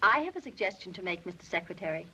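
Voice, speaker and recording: A woman's voice: on the low side, animated, fast talker, bright, forceful tone, slight background noise. An actress playing an earnest, caring young woman clerk in a 1930s film. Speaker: new employee in a film. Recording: dull old 1930s film soundtrack.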